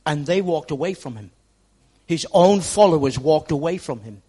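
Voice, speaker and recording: A pastor preaching a sermon in a church, speaking straight to the congregation and repeating words for emphasis. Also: male voice, a little high, animated, moderate pace, warm tone, slightly rough.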